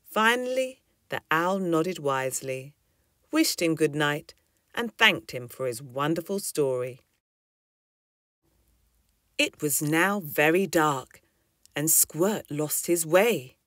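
A woman reading a children's story aloud in an expressive, lilting way. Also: deep voice, slow pace, long pauses, no echo, clean studio sound.

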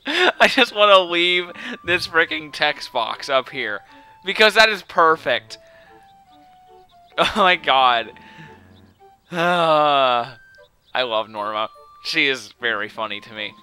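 A man's voice: fairly high pitch, expressive, takes it slowly, pauses often, sharp tone, clean tone, soft background music. A man hosting a video game let's play, chatting casually and laughing easily as he rambles.

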